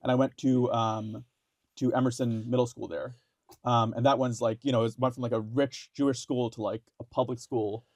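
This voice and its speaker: A young man from India talks as a podcast guest, halting through his story with lots of ums, restarts and casual swearing. His voice has a gravelly fry at mid pitch, and the recording is dry and close. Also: little pitch movement, darkish tone, dry recording. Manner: halting, many fillers and restarts, swears freely. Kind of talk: casual interview talk.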